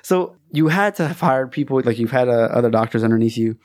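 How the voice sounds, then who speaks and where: A man's voice: medium pitch, expressive, fast talker, darkish tone, no room sound, studio quality. A man hosting a podcast, asking questions and sharing his own experience in a casual way. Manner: asks several questions in a row. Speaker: podcast host. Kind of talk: casual interview talk.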